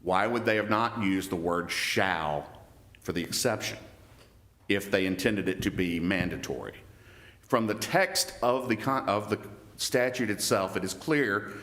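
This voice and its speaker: A man with a lowish voice presents an appellate argument in a courtroom. He speaks in a measured way and presses hard on particular words. The room rings with noticeable echo. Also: a bit bright. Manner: measured, emphatic about word choice, with occasional restarts. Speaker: attorney for the appellee.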